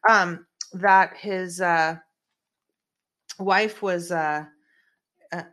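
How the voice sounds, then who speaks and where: A woman's voice: fairly low pitch, steady tone, very slow, fairly bright tone. Brief: woman host, rambling conspiratorial commentary, lots of fillers, small room. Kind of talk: casual political commentary.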